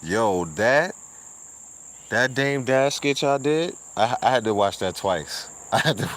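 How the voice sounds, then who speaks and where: A man's voice: medium pitch, expressive, slow pace. A man, hosting a casual livestream, laid-back with lots of slang, often laughing and repeating words. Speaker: streamer and show host. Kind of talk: casual livestream chat and shout-outs.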